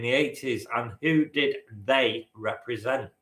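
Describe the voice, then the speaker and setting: A man's voice: mid-range voice, unhurried, a bit bright, echoey room. A man hosting a live-stream quiz, bantering with the chat and swearing now and then. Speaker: quizmaster.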